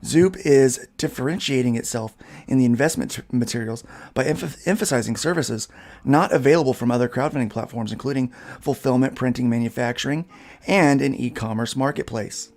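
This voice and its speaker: Guy with a gravelly voice hosting a podcast, reads the news out and riffs on it. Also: medium pitch, brisk, darkish tone. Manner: reads an article and breaks in with asides. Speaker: podcast host. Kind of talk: casual chat, reading news aloud.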